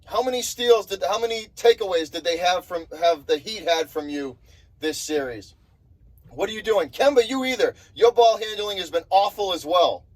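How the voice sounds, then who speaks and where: A man's voice: high-pitched, animated, normal speed, rough recording. A young man ranting angrily about his basketball team, swearing and repeating himself in exasperation. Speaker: sports vlogger. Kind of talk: fired-up sports rant.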